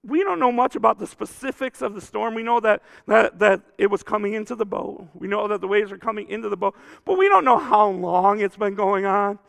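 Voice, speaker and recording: A male pastor preaching a conversational sermon that swings between loud emphasis and hushed, quiet lines. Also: high-pitched, vocal fry, long reverb tail. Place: church sanctuary.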